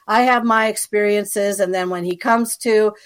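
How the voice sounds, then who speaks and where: A woman's voice: mid-range voice, steady tone, normal speed, clean tone. A woman being interviewed who tells a personal story in a chatty way, with frequent asides and fillers, and checks in with the listener as she goes. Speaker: interview guest.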